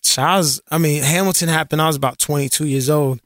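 A man from New York telling stories as an interview guest, animated and slangy, often repeating words. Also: fairly high pitch, fast, dry recording, studio quality. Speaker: interview guest, singer and actor. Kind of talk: casual interview storytelling.

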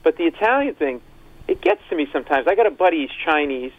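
A man's voice: on the high side, big pitch swings, fast, dry recording, phone-quality sound. A male comedian telling rambling jokes as a guest in a casual radio phone interview. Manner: rambling, joking storyteller, frequent laughs.

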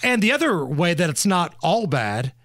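A man's voice: high-pitched, big pitch swings, normal speed, fairly bright tone, no room sound. A man co-hosting a radio show in a studio, teasing and wry in casual banter. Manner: wry, teasing, gives the weather and station breaks. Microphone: studio microphone.

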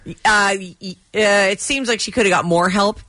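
A woman's voice: medium pitch, moderate pace, pushed and bright. A woman radio host chatting casually on air, recapping a comedy show with exasperated asides.

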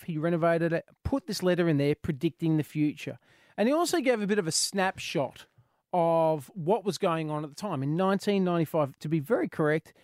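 A man's voice: fairly high pitch, darkish tone, dry recording, clean studio sound. A man hosting a radio show, reading out a news story in a chatty, playful way. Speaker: radio host. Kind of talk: casual radio chat.

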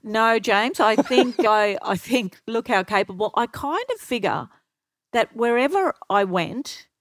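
A middle-aged woman telling lively anecdotes as an interview guest, acting out what others said. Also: fairly high pitch, unhurried, no echo. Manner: lively anecdotal storyteller, acts out quotes. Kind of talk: storytelling interview.

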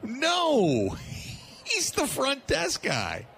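Speaking very slowly in a very high, gravelly voice, a male sports talk radio host tells an anecdote. He is animated, laughing as he goes and acting out what people said.

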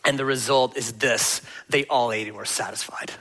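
Forceful male pastor preaching animatedly. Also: mid-range voice, normal speed, long reverb tail. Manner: animated storytelling, conversational. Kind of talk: sermon. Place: church auditorium.

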